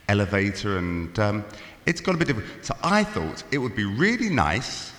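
A man's voice: lowish voice, moderate pace. An English man with a London accent, doing dry, self-mocking comic banter with an audience from a stage. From England. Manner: dry self-mocking jokes, lively ups and downs. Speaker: guest performer on stage. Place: large hall with live audience. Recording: roomy hall, faint noise.

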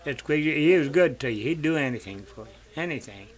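A man's voice: a little high, expressive, a little fast. An older man telling family stories in a rambling way, in rural dialect, repeating "he said" and swearing freely. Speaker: interviewee. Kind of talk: rambling folk storytelling.

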